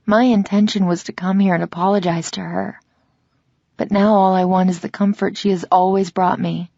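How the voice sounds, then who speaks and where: A woman reading a first-person romance audiobook in a measured, reflective way, in a slightly dull, dry recording. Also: medium pitch, warm tone, no room sound. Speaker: audiobook narrator.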